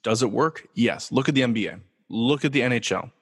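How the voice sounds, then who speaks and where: A man hosts his own sports talk show in a loose, joking way, firing off rhetorical questions and answering them himself. His voice sits at an ordinary middle pitch. The sound carries a long reverb tail, as if he is recorded in a big hard room. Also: lively intonation, fairly quick, slightly rough. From Los Angeles, USA. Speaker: podcast host.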